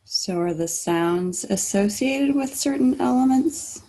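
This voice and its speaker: A woman taking a pronunciation lesson, softly repeating each drill after her teacher. Her voice is mellow and dark, with a breathy edge. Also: sits high, expressive, takes it slowly. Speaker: student.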